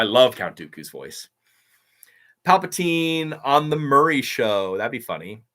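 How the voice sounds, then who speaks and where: An upbeat man casually chatting on a live stream and reading out viewer comments. His voice sits at an ordinary pitch, and he talks eagerly and loosely, full of "like" and "um". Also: big pitch swings, unhurried, fairly bright tone. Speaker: YouTube creator hosting a live stream.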